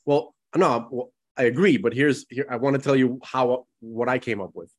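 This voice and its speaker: A man in easy podcast talk, circling through restarts and fillers as he works out his point. his voice sits at an ordinary middle pitch for a man. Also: normal speed. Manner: rambling, many restarts and "you know"s. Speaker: podcast co-host. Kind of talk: casual conversation.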